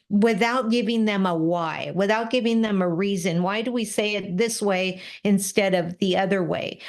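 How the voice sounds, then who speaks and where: A woman guest in an interview, telling stories in a lively, animated way and acting out what people said. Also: mid-range voice. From Spanish-speaking family. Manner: lively, animated, acts out quoted exchanges. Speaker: interview guest, business coach. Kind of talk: casual storytelling.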